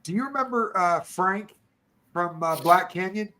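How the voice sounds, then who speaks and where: Middle-aged guy, kinda high voice, rambling profane stories, says dude and bro a lot. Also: a little slow, sharp tone. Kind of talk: casual storytelling chat.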